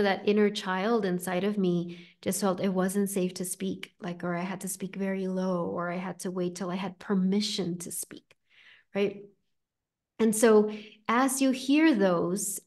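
A woman leads a guided spiritual talk in a gentle, reflective way, her voice sitting at an ordinary middle pitch. She pauses often to check in with listeners, dotting her phrases with "right?" and "like". She is heard through a video-call mic. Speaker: host and spiritual teacher.

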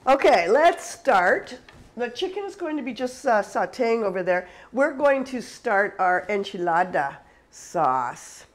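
A woman's voice: mid-range voice, very animated, measured pace, low-quality recording. A woman from Canada hosting a live cooking stream in a casual, chatty way, laughing often and answering viewers as she cooks. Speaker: cooking show host.

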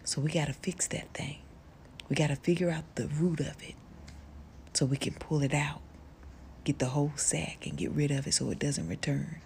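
A middle-aged woman giving a gentle, affectionate motivational talk to the camera, soft-spoken and often dropping to a whisper, with folksy phrasing and endearments like honey and baby. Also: low-pitched, steady tone, moderate pace, vocal fry, slight background noise. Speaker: social media personality.

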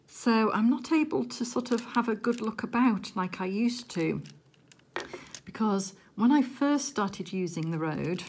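A woman chatting casually while she works on a diamond painting at home, with gentle, softly murmured asides. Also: mid-range voice, measured pace. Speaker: crafting vlogger.

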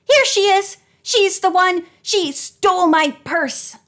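A woman's voice: lively intonation, normal speed, fairly bright tone. A woman reading an audiobook voices a red-faced, furious woman who shrieks accusations of theft. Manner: shrieking, shrill.

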